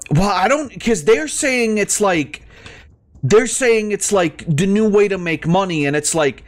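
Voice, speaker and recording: A man's voice: high voice, animated, slow pace. A man ranting heatedly in casual talk while playing a game, swearing often and stumbling over his words. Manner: exasperated, heated, heavy swearing; stammering restarts. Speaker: gaming streamer.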